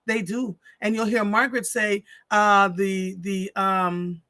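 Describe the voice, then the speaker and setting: A man's voice: high voice, little pitch movement, slow, bright, forceful tone, no echo. A man hosting a live stream, reading out viewer comments and responding in an earnest, emphatic way, often repeating phrases for stress. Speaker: live show host.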